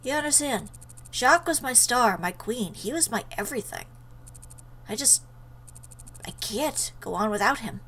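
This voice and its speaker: A woman's voice: fairly high pitch, animated, normal speed, pauses often, bright, forceful tone, slightly rough, exaggerated voice. A woman voicing a grieving, theatrical young male student in a visual novel, speaking in a dejected, melodramatic way.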